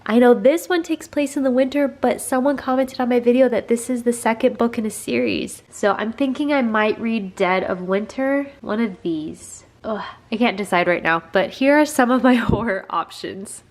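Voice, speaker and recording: A woman's voice: fairly high pitch, moderate pace, hardly any pauses. A woman who is a teacher, chatting casually to camera in a vlog, rambling and laughing often. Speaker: teacher and vlogger.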